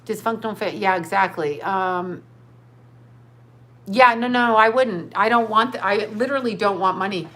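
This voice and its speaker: A woman's voice: medium pitch, moderate pace, fairly bright tone. Profane rambling woman livestreamer. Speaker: livestream host; psychic. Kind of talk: casual livestream chat reading viewer comments.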